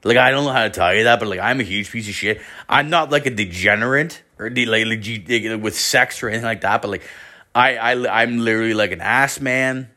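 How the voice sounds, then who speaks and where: A man's voice: fairly low pitch, fairly quick, sharp tone. A young man hosting a podcast who tells a story in a loose, rambling way, swearing often, piling on filler words and acting out other people's lines in a raised voice. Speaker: podcast host. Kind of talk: casual storytelling monologue.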